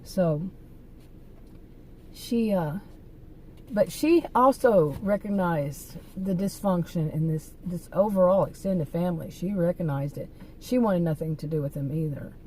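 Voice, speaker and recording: Mellow-voiced woman rambling to camera. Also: on the low side, measured pace, slight background noise, poor audio. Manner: rambling, many fillers and restarts; chatty, talks straight to viewers. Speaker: channel host telling stories. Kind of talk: casual storytelling monologue.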